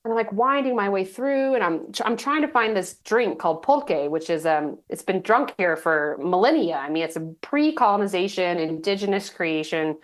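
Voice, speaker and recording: A woman in her thirties from Texas, a guest telling stories in a chatty, animated way with lots of fillers. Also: mid-range voice, normal speed, hardly any pauses. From Texas, United States. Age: 30s. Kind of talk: casual interview storytelling.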